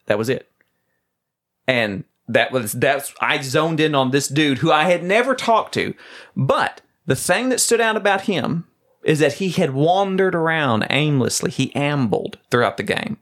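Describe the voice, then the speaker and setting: A man tells a story on a podcast, keeping it loose and casual. He laughs often as he goes and acts out the people he quotes in a lower, muttered voice. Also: lively intonation, a little slow, fairly bright tone. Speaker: podcast co-host.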